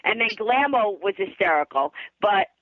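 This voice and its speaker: A woman comedienne rattles off comic stories in a lively, bouncing voice and slips into the voices of the people she quotes. She is calling in over a tinny phone line that sounds dry and close. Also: medium pitch, dry recording. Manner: rapid comic storytelling, acting out quotes. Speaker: guest comedienne. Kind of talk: casual storytelling interview.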